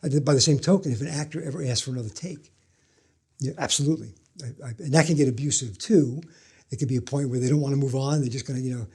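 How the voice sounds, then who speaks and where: Husky, mellow-voiced male film director. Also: medium pitch, quick pace. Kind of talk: reflective interview answer.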